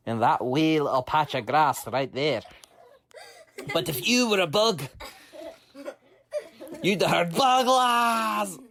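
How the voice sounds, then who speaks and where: A man telling a children's story in a playful manner, often laughing as he goes. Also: a little high.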